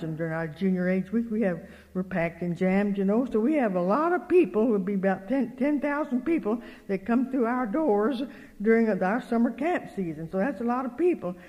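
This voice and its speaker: A woman's voice: medium pitch, animated, a little fast, muffled recording. An older woman giving a folksy sermon, telling stories and acting out both sides of conversations with earnest emphasis. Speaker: speaker at a religious meeting. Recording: long reverb of a hall.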